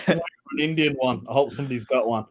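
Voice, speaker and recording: A man hosting an online pun contest over a video call, chummy and quick to laugh, calling the contestants mate. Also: mid-range voice. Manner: chummy, laughs often, calls people mate. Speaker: host.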